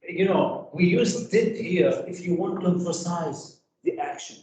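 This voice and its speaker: A man teaching an English grammar lesson, asking the class rhetorical questions and filling pauses with "you know". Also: sits high, a little mellow, recorded from a distance, a little hiss or hum. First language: Arabic. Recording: echoey classroom taped from afar.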